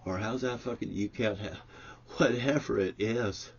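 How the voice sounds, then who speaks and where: A man rails against his enemies in a husky, somewhat low voice. His delivery lurches from loud, cursing outbursts to quiet, grumbling anecdotes. The recording sounds dull and lo-fi. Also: measured pace. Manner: shouting curses, swinging from loud outbursts to low muttered storytelling. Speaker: self-styled prophet ranting to camera. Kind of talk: angry profane monologue.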